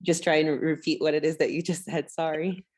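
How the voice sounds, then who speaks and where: Low-voiced woman politely stepping in. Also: fairly even intonation, fairly quick, crowd noise. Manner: polite, hesitant interjections. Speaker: program moderator. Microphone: video call.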